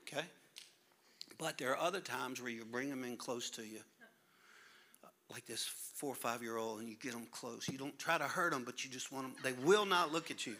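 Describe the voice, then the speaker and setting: Speaking fairly quickly in a mid-range voice, a middle-aged pastor reads from scripture during his sermon. He also acts out comic little scenes with his kids, animated and full of humor.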